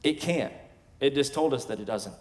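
A man in his thirties, a pastor, preaching a sermon in emphatic bursts with quiet asides between. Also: mid-range voice, lively intonation, normal speed. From West Texas. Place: large church sanctuary. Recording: long hall reverb from a church sanctuary.

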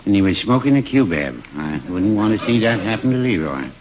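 An actor playing a timid, hesitant middle-aged druggist in an old radio comedy. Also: male voice, fairly low pitch, sing-song, brisk, a crowd in the background. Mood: mild. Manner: mild, hesitant. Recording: dull old radio recording, faint hiss.

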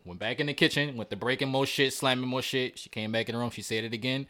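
A man's voice: medium pitch, fast talker, few pauses, pushed and bright. A man in his twenties co-hosting a podcast, telling a story in a blunt, profane, casual way. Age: 20s. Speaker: podcast co-host.

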